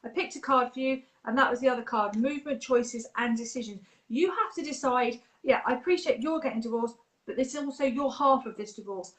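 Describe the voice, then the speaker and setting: A woman giving a psychic reading, speaking gently and reassuringly, often checking in with "okay". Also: on the high side, fairly quick, low-quality recording. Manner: gentle, reassuring, adds okay to her advice. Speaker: psychic medium. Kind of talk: live spirit reading.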